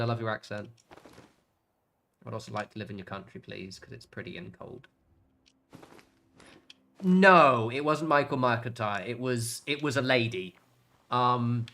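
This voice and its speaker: A man's voice: mid-range voice, pushed and bright, a little hiss or hum. A young English man streaming a game, chatting casually in a rambling way with lots of fillers and the odd swear word. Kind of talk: casual chat while gaming.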